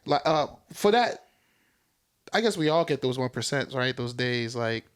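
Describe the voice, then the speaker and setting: A man hosting a podcast, asking a question haltingly with many restarts. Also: medium pitch, expressive, clean tone. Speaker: podcast host. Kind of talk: casual interview talk.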